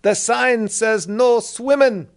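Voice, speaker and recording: A man voicing an older Irish man scolding a boy, with an Irish accent and a loud, drawn-out scolding manner. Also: very high voice, voice pushed up, heavily acted.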